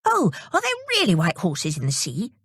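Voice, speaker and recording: A woman's voice: medium pitch, huge pitch swings, normal speed, fairly bright tone, husky, no echo, full character voice. A woman voicing an eager, curious young boy in a storybook reading, in a voice close to her own.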